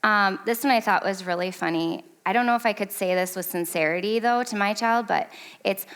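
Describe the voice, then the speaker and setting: At a church parenting class, a woman in her thirties gives a casual, chatty talk, laughing often as she acts out her own lines and her son's whiny ones, quoting him in a high whiny voice. She speaks a little fast, with a smooth, fairly bright tone.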